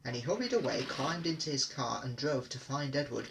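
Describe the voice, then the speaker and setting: A man reading a children's storybook aloud as narrator, with a lively, expressive delivery. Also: mid-range voice, brisk, a little hiss or hum, low-quality recording.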